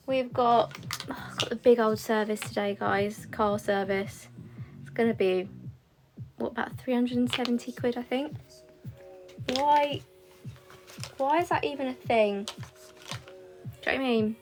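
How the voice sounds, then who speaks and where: A woman's voice: on the high side, fairly even intonation, measured pace, pauses often, over music. A young woman, chatting casually to a livestream audience while doing her makeup at home. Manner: chatty, rambling, with frequent fillers. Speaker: beauty content creator.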